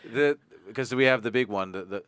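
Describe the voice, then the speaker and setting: A Canadian man with a low, smooth, resonant voice, rambling through a casual podcast chat full of jokes and the odd swear word. The sound is dry and close, with almost no room around him. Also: brisk, fairly bright tone, dry recording. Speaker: podcast host.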